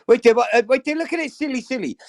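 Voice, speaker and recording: A man's voice: extremely high pitch, racing. A man hosting a casual livestream, talking straight to his chat in a sweary, effusive, rambling way. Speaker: livestream host.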